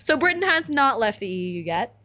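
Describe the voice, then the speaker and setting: A young woman chatting casually as a co-host, explaining news with lots of "like" and quick laughs. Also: fairly high pitch, very animated, sharp tone. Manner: chatty, many "like"s, laughs at own jokes. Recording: slightly muffled lo-fi audio.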